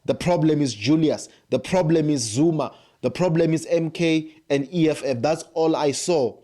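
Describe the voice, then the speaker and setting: A man's voice: fairly high pitch, dark tone. A man giving an emphatic political commentary monologue, piling up rhetorical questions and repeated phrases. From South Africa. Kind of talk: opinion monologue to camera.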